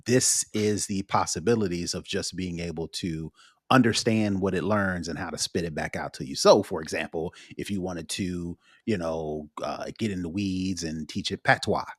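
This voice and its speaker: A man co-hosting a casual tech podcast, explaining his points in a measured, thoughtful way. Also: deep voice, dry recording, studio quality. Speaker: podcast co-host.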